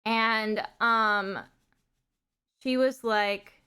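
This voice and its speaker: A young woman streaming a game and chatting casually, telling rambling animated stories full of fillers. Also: fairly high pitch, very slow, clear, resonant tone. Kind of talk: casual chat to stream while gaming.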